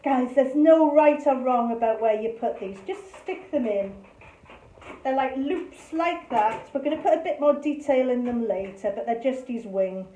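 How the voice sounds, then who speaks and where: Cheerful woman leading a paint-along, high voice with a mellow tone, echoey room. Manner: chatty, cheerful, talks through each brush stroke. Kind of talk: live online painting lesson. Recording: echoey room with faint noise.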